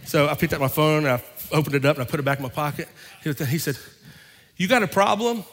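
A man's voice: on the high side, fairly even intonation, racing. A man preaching a sermon as pastor, telling a personal story and acting out both sides of an argument. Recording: long reverb of a large hall.

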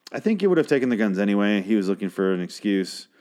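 A man's voice: on the low side, quick pace. Crude, rambling man recapping a show. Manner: rambling, crude, animated asides. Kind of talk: casual profane recap.

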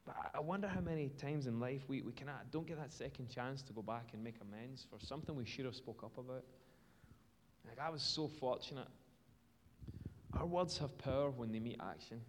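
A man's voice: mid-range voice, a little fast, slight background noise. A man with a British accent preaching a sermon in a church, in a conversational, storytelling way with casual fillers. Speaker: pastor. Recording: long reverb from a large hall.

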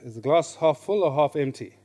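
A man's voice: fairly high pitch, fairly quick. Middle-aged man teaching a Bible class. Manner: lively, questions the audience, repeats key phrases. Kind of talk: teaching a class on reading scripture.

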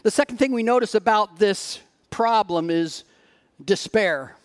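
A high-voiced pastor earnestly reads scripture during his sermon, putting rhetorical questions to the congregation with dramatic pauses.

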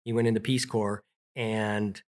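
Man, middle-aged, lowish pitch, casual rambling storytelling. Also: little pitch movement, measured pace. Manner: rambling, many restarts and fillers. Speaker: interviewee telling childhood stories.

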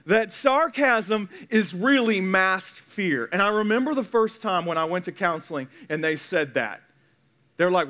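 High-voiced pastor preaching. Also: male voice, animated, a bit bright. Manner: conversational, candid preaching with quick repeated restarts. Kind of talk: sermon.

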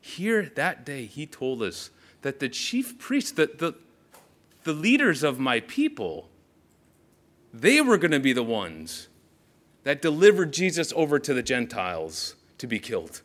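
A man's voice: medium pitch, a little slow. A man playing Nathaniel, an awestruck disciple. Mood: sobering. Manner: animated storytelling, speaks straight to the listeners. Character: earnest young male follower of Jesus, awestruck. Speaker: preacher in character. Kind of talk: first-person biblical character monologue.

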